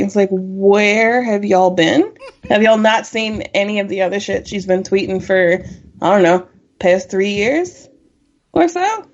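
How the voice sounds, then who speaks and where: A woman's voice: medium pitch, lively intonation, a little slow. A woman guest in a casual podcast chat, chatty and self-deprecating. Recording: dull lo-fi sound.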